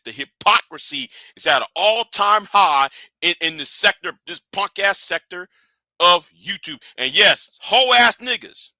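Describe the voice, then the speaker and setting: A man hosting a livestream, scolding and animated in a profane rant that swings from shouting to hushed. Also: sits high, unhurried, dry recording. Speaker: livestream host.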